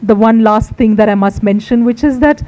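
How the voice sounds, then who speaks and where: A woman's voice: on the high side, normal speed, warm tone, poor audio. A middle-aged woman with an Indian English accent, a book editor giving a conversational, reflective public lecture with anecdotes.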